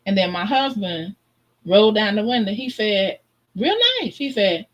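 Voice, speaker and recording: A woman chatting as a guest on a live stream, telling stories in a lively way and laughing often. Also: medium pitch, normal speed, lo-fi sound. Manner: animated, laughs often, acts out voices in her stories. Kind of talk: casual storytelling.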